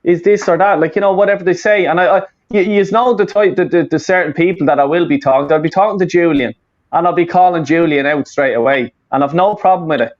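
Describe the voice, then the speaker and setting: A man's voice: fairly high pitch, quick pace, dull audio. A man, hosting a casual football fan chat, rambling and swearing with lots of fillers and restarts. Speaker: fan channel host.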